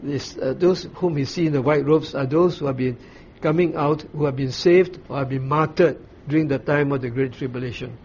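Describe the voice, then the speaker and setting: Man teaching a measured Bible study. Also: fairly high pitch, a little mellow. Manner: measured, explanatory, with frequent ums and restarts. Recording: slightly dull recording with faint ambient noise.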